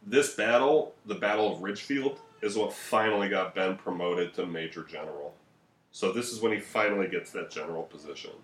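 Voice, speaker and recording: Low-voiced man joking in a roomy room. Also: a little fast. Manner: joking, profane storytelling. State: tired after a few beers. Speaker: podcast co-host. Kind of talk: casual history podcast chat. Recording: roomy echo.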